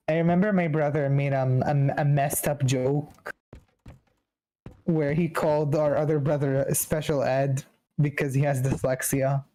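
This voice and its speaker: A co-player on a game stream speaks in a slow, drawn-out way. The voice is mellow and dark-toned, sits in a middle pitch, and delivers lazy, teasing jokes. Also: fairly even intonation. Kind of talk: casual chat while gaming.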